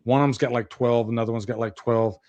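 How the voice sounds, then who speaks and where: A man talking on a casual podcast with an ordinary mid-pitched voice. He chats in an easygoing, upbeat way and laughs often between remarks. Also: steady tone, fast, darkish tone, muffled recording. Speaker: podcast co-host. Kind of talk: casual chat.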